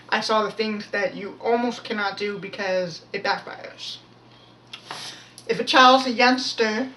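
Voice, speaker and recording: A woman giving a casual, rambling devotional talk with a prayer, often restarting her sentences and pushing her voice to be loud. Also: medium pitch. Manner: rambling, many restarts, pushes to speak loud. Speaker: devotional video speaker. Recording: voice from far off the mic, faint noise.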